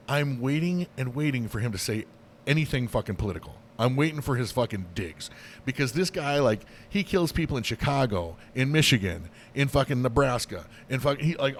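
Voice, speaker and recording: A man's voice: mid-range voice, a little hiss or hum. A man co-hosting a podcast in casual chat, rambling and swearing freely, with lots of fillers and restarts. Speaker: podcast co-host.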